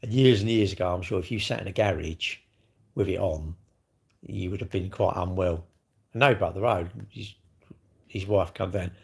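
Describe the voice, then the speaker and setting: A man's voice: low voice, moderate pace, creaky, long pauses, darkish tone, slightly rough. A middle-aged man livestreaming, telling blunt, sweary stories in casual chat to his viewers. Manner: blunt, swearing, chatty storyteller.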